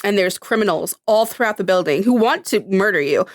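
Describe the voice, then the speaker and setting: A woman co-hosting a podcast in casual chat, animated and acting out characters' lines in quick bits. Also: medium pitch, dry recording, studio quality. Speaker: podcast co-host.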